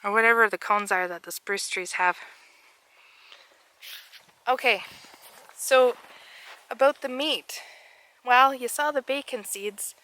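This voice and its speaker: A woman's voice: a little high, slow, long pauses, pushed and bright, low-quality recording. A woman chatting casually and rambling with light jokes while walking through her backyard garden in winter. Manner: rambling, jokey, laughs often. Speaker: vlogger.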